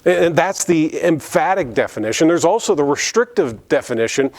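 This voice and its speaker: A man's voice: a little high, animated, moderate pace, hardly any pauses, darkish tone. A man pastor preaching an earnest sermon in church, often repeating words and restarting phrases.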